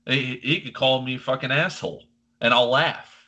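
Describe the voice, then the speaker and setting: Animated bright-voiced man ranting. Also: medium pitch, moderate pace, poor audio. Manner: animated, opinionated ranting with filler words. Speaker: podcast co-host. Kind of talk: casual chat.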